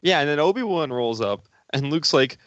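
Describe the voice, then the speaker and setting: A man co-hosting a podcast, telling stories lively and profanely in casual chat. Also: on the high side, normal speed, no echo. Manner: lively storytelling with quoted voices. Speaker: podcast co-host. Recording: dry, dull lo-fi podcast audio.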